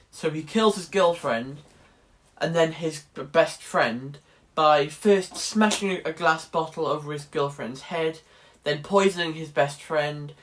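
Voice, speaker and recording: A young man in his late teens chatting wryly in a casual vlog about his drama course. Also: on the high side. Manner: chatty and wry, restarts sentences. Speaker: drama student vlogger.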